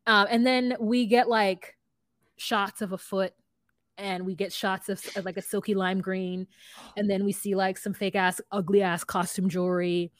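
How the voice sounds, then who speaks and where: A woman's voice: mid-range voice, level tone, moderate pace, dry recording. Dry-sounding gossipy woman podcaster. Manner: gossipy, lots of "like" and "um", puts on voices while quoting. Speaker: podcast co-host. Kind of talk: casual recap chat.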